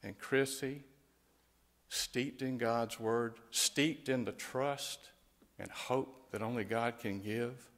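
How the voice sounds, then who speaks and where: A man's voice: medium pitch, takes it slowly, in a large hall. A man speaking as a pastor, giving a tender funeral eulogy and prayer. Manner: gentle and tender, rising to lively storytelling.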